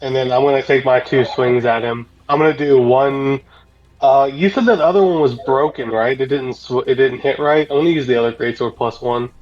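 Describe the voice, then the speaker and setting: A man's voice: medium pitch, a little fast, darkish tone, highs cut off. A man playing in a tabletop game, chatting casually and asking about the rules. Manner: asks rules questions, casual. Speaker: player.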